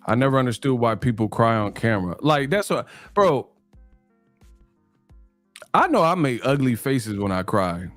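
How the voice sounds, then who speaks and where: A man's voice: medium pitch, animated, moderate pace, pauses often, a bit bright, no room sound, faint music behind. A man hosting a casual live stream, joking and laughing through slangy banter with his viewers. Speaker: livestream host.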